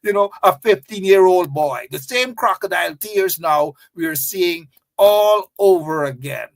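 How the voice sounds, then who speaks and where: A man's voice: sits high, animated, unhurried, creaky. A man hosting a political commentary show, reading out a news item and then railing against it with indignant, mocking repetition.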